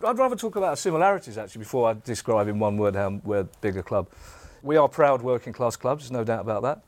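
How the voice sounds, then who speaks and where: A man's voice: mid-range voice, very animated, fast talker, darkish tone, no echo. A middle-aged man with a South London accent, a comedian making a dry, mock-boastful case on a panel show. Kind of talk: comic argument on a panel show.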